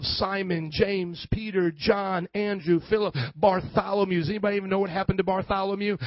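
A man's voice: high voice, dry recording. A pastor preaching a sermon, often raising his voice and calling for the congregation to respond. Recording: dull lo-fi sound.

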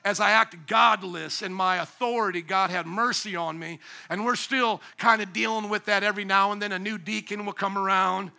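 Pastor, man, forties, high and bright voice, animated preaching with loud emphatic bursts. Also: fairly quick, gravelly, few pauses. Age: 40s. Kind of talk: sermon.

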